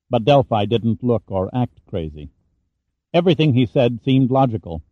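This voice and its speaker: A man narrating a thriller audiobook in an even, steady reading. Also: medium pitch, normal speed, no room sound, muffled recording. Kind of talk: scripted narration.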